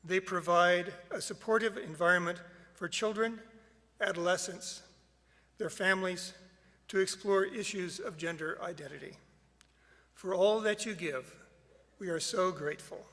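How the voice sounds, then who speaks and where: Man leading worship, bright and measured, echoing in a large sanctuary. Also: sits high. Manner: measured, deliberate reading. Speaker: worship leader. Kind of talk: reading at a worship service.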